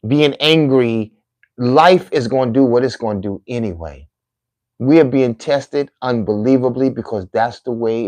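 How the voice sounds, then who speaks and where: A man's voice: mid-range voice, darkish tone, no echo. A middle-aged man giving a heartfelt, emphatic monologue to his viewers, repeating phrases like a sermon. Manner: preachy, emphatic, repetitive phrasing.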